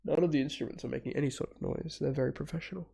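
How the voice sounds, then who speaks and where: A man's voice: fairly high pitch, fairly even intonation, rapid-fire, creaky, warm tone, slightly rough. A man with a cold, sniffling and stuffy, rambling casually through a live reaction stream, laughing, swearing now and then, and humming bits aloud. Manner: hums parts aloud.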